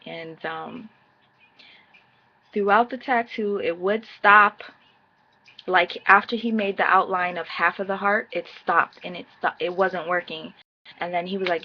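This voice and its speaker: A woman's voice: on the low side, measured pace, highs cut off, slight background noise. A woman around thirty telling a personal story to camera in casual slang, acting out the quoted dialogue. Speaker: vlogger.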